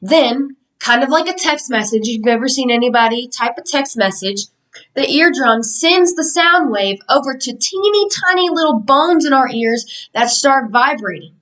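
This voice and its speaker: A woman's voice: sits high, animated, moderate pace, fairly bright tone, recorded from a distance, low-quality recording. A young woman giving a mock lesson to a class of children in an upbeat, sing-song teacher voice.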